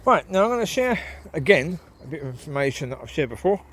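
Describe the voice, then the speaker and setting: Speaking fast in a nasal, fairly bright voice that runs on the high side with big pitch swings, a man rambles casually while walking his dogs outdoors in the woods. He says um a lot and calls out to the dogs in this walk-and-talk monologue.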